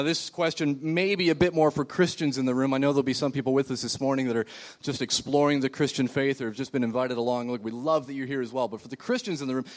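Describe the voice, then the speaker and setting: A man preaching a sermon in a church, talking in a loose, conversational way with frequent fillers and restarts while seated. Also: mid-range voice. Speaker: pastor.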